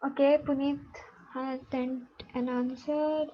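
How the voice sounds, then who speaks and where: Woman, math teacher online, patient and encouraging, raised pitch, dull call sound. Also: level tone, slow. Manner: patient, checking students' answers aloud.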